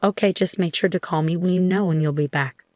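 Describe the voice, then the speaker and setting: A woman's voice: lowish voice, a little fast, a little mellow, dry recording, studio quality, natural voice. A woman voicing a selfish, deceitful husband in an offhand, casual way within a spoken story.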